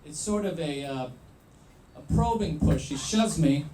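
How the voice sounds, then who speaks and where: A man telling a true story live, in an animated, wry way with pauses for effect. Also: a little high, echoey room.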